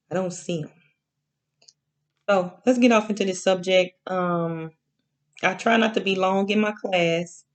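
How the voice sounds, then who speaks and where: Lady preaching slow and low, keeps asking "okay?", stretches out her big words. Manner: slow and repetitive, with many "okay?" check-ins. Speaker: online Bible teacher. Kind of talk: casual spoken sermon to camera.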